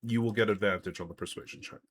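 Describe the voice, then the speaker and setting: This is a man running a tabletop game, narrating the scene and calling for rolls. His voice sits very low and has a husky edge. He talks loosely, stopping often on likes and uhs as he pictures the scene. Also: quick pace. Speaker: game master.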